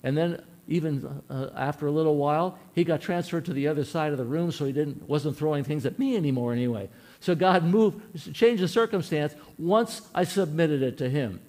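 A man's voice: fairly high pitch, fairly quick, few pauses, a little mellow. A man preaching a sermon in an earnest, folksy way, telling a personal story and asking his listeners questions.

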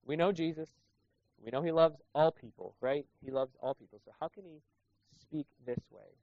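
At a moderate pace and with a voice on the high side, a male pastor gives a conversational sermon full of rhetorical questions for the congregation. There's no room sound, and the recording is lo-fi and dull.

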